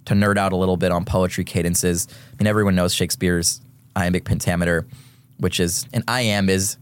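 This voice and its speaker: A man in his thirties, a guest rapper in a casual podcast interview, explaining things in an animated, nerdy, theatrical way. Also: sits low, fairly quick, clean tone.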